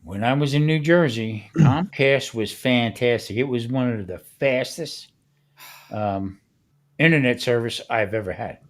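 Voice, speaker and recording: A man talking on a relaxed podcast, with a voice in the middle range for a man. He tells stories with animation and slips into the voices of people he quotes. He speaks loosely and conversationally, in an easygoing back-and-forth with the others. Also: mid-range voice, unhurried. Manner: animated storyteller who acts out the people he quotes. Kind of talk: casual podcast chat.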